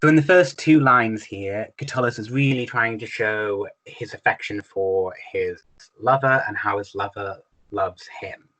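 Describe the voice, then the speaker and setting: Bright-voiced teacher giving a Latin lesson. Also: male voice, on the low side, a little slow, low-quality recording. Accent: English. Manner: explains in a relaxed way, with frequent ums and self-corrections. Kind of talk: recorded video lesson.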